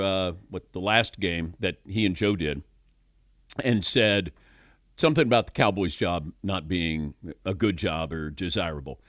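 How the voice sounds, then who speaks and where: A man's voice: lowish voice, fairly bright tone, dry recording, studio quality. A middle-aged man hosting a sports talk radio show, wry and questioning, chuckling often. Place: radio studio.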